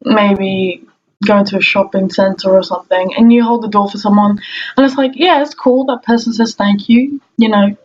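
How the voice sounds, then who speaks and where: A woman's voice: mid-range voice, fairly even intonation, normal speed, a little mellow. A young woman chatting casually to camera at home about her pet peeves. She laughs often and acts out what other people say. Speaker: vlogger. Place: room at home. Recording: dull lo-fi audio with faint noise.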